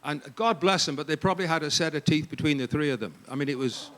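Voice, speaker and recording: An English man giving a humorous storytelling talk to a staff gathering, animated and quick to laugh. His voice sits a little high and rings bright and forceful. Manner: animated, jokey, laughs often. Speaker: speaker at a ministry staff gathering.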